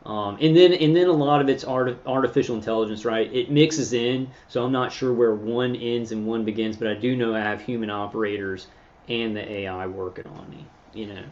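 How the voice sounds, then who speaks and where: A man of middle pitch talks casually to a livestream audience, circling back on his words with fillers and false starts. The sound is muffled and lo-fi, with the top end rolled off. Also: a little mellow. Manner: meandering, halting, many fillers and restarts. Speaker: channel host reading live chat. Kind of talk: rambling casual livestream talk.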